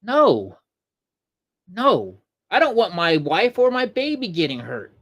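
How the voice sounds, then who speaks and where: High, animated man hosting a livestream. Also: takes it slowly. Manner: rambling, heated, repeats himself; chats with viewers in chat. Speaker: host. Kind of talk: livestream political commentary.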